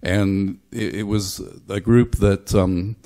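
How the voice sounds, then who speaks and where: Halting, thoughtful older male preacher. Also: on the low side, fairly even intonation, dark tone. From Belfast, Northern Ireland. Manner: thoughtful, halting, with frequent restarts. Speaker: pastor. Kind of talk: sermon. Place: church.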